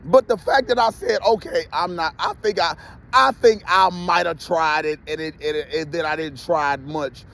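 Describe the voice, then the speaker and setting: A man's voice: a little high, moderate pace, creaky, fairly bright tone. A man ranting heatedly to his viewers in a profane, repetitive vlog monologue. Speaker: vlogger.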